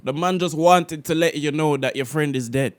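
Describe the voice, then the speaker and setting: A man from Jamaica hosting a casual music reaction video. He is animated and slangy, with frequent swearing and laughter. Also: a little high, moderate pace, clear, resonant tone. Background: the reacted song playing faintly.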